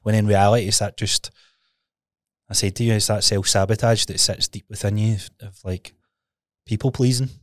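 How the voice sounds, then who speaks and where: A Scottish man with a fairly low voice speaks in a relaxed podcast conversation. He reassures his co-host and reflects thoughtfully. The recording is dry and close. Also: normal speed, no room sound. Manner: reassuring, reflective advice-giving.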